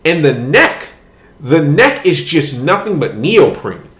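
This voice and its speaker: A man's voice: a little high, very animated, slow, a bit bright, echoey room. A man hosting a podcast, telling a story in casual, profane chat and laughing as he goes. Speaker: podcast host.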